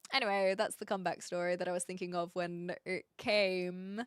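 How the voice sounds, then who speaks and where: A woman's voice: medium pitch, clear, resonant tone, no echo, studio quality. A woman from New Zealand with a posh-leaning Kiwi accent, chatting playfully and laughing with her live-stream chat. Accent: New Zealand, mixed and posh-leaning. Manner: playful, giggly, self-mocking.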